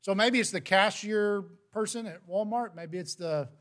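A man's voice: high-pitched, normal speed, fairly bright tone. A man preaching a sermon to a congregation, talking earnestly and conversationally between scripture readings.

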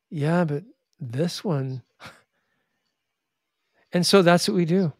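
A man telling stories in an interview in an animated way, often restarting and acting out the people he quotes. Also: fairly high pitch, slow, dry recording, studio quality. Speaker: charity founder and guest. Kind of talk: interview storytelling.

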